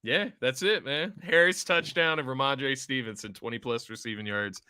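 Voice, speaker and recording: A man co-hosting a casual sports betting chat, animated and quick to laugh. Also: mid-range voice, smooth, no echo. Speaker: sports show co-host.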